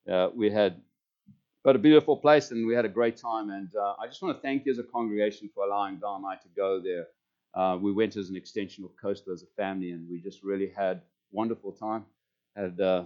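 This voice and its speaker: A man's voice: on the low side, darkish tone, dull audio. A man speaking as a pastor, giving rambling, chatty announcements to his congregation. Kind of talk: church announcements.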